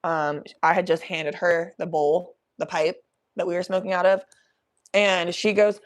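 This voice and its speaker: Animated, cursing young woman storyteller. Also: on the low side, measured pace. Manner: animated, profane, laughing storyteller. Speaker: podcast host. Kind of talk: casual storytelling.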